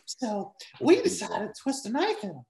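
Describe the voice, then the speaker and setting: A man's voice: extremely high pitch, wildly swooping pitch, normal speed, vocal fry, a little mellow, far from the mic, voice pushed up, exaggerated voice. A man doing a mocking older woman politician. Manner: mocking, exaggerated.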